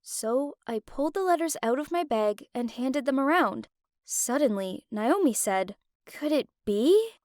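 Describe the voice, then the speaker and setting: Emotional and confiding, a young woman narrates her own story in the first person, animated yet unhurried, in a high, bright voice. The recording is dry and close, with no room sound or echo.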